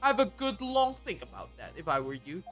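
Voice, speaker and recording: Woman reading as a blunt slangy police inspector, middle-aged man, loud and lively delivery. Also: mid-range voice, a little fast, soft background music, natural voice. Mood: dismissive.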